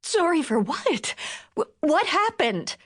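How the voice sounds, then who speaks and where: A woman's voice: sits high, very animated, slow pace, voice pushed up, full character voice. A woman narrator voicing a flustered wife in a crisis, asking breathless, alarmed questions.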